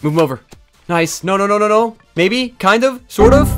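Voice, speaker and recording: A man giving excited live commentary on his own video game match, swinging from low muttering to loud yelling and swearing often. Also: moderate pace, soft background music. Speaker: gaming YouTuber.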